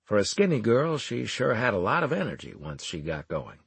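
A man reads a first-person audiobook with a husky, slightly breathy voice that swings widely in pitch. His delivery is wry and animated, leaning into the story's humor. The sound is dry and close, with no room around it. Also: normal speed, dry recording. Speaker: audiobook narrator.

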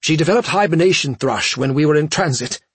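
A man voicing a panicked alien traveler in a much higher, rushed, pleading voice. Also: level tone, breathy edge, no room sound.

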